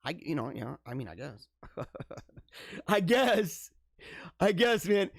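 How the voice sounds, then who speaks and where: A man's voice: on the high side, slow, vocal fry, dry recording, clean studio sound. A man hosting a live show, riffing casually with a lot of laughter, stammering restarts and mock disbelief. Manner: animated, incredulous, laughs often, stammers. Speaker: show host. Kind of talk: casual live-stream commentary.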